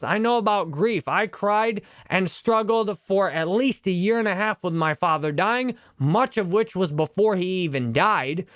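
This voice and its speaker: Guy in his 30s talking thru a book he read, kinda high voice, real personal and earnest, dry close sound. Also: a bit bright, no echo. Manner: earnest, personal, emotionally open. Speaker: online instructor. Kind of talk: reflective book review talk.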